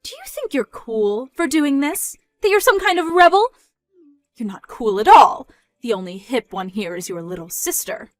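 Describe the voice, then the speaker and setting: Woman doing a domineering, mocking middle-aged mother; high, dry, close-miked story read. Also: very animated, moderate pace, no echo. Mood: scornful. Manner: mocking, loud, rising in pitch when scolding. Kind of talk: dramatized story narration.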